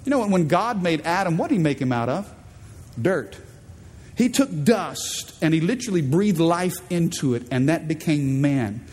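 A man's voice: on the high side, lively intonation, normal speed, a little mellow, long reverb tail. A man preaching a sermon as pastor, emphatic, prompting the congregation to repeat words back. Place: large church auditorium.

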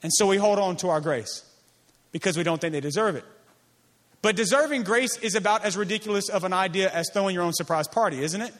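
A man, a pastor, preaching a sermon in an emphatic, repetitive cadence, dropping to a soft, slow voice on key lines. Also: high-pitched.

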